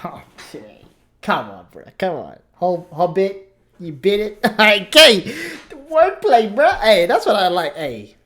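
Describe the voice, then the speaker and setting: Woman, reaction host, slow and drawn-out, lively swinging pitch, loud hip hop beat behind. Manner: slangy, laid-back, laughs often. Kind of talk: casual reaction commentary. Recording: loud rap music playing behind. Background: hip hop music.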